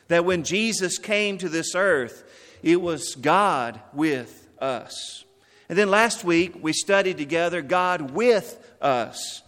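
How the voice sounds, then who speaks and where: Male pastor, slightly high voice, folksy then emphatic sermon delivery, hall reverb. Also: expressive, fairly bright tone. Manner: folksy joke-telling, then slow emphatic repetition.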